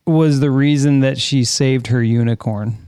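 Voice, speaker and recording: A man's voice: mid-range voice, fairly even intonation, measured pace, dark tone, clear, resonant tone, dry recording, studio quality. A man co-hosting a casual chat, giving brief reactions.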